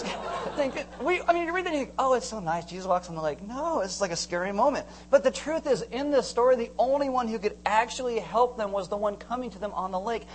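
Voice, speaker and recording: A man preaching a sermon to a congregation, animated, acting out scenes and joking with the crowd. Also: sits high, a little hiss or hum. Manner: animated, acts out screams and jokes with the congregation. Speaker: pastor.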